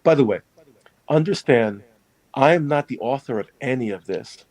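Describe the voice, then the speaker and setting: A man's voice: mid-range voice, expressive, normal speed, darkish tone, no room sound, poor audio. Earnest reflective priest guy talking in an interview, dry close sound, mid voice. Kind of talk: interview storytelling.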